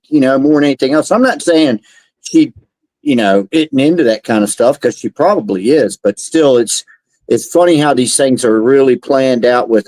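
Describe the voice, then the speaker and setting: An animated man chats on a video call, rambling through his points and chuckling between thoughts. His voice sits in a middle pitch. The sound is close and dry. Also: normal speed, no room sound. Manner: animated, rambling, laughs while talking. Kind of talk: casual group chat on a call.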